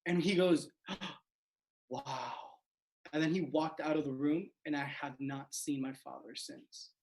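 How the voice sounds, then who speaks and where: A fairly high but darkish voice, moderate in pace and fairly even in intonation, belongs to a South Florida host and stand-up comic in his late twenties. Chatty and self-mocking, he tells his story over a video call full of "like", and the recording quality is low.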